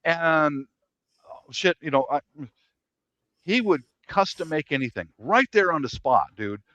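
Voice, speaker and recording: A middle-aged man in casual chat, emphatic and quick to jump in. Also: on the high side, very animated, a bit bright, no echo. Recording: dull lo-fi mic.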